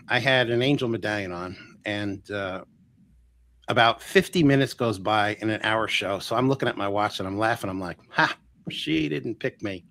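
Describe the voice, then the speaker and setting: Man, interview guest, lively storytelling, acts out quotes, halting fillers. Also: fairly low pitch. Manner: animated, acts out quoted voices, many ums and restarts. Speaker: guest healer.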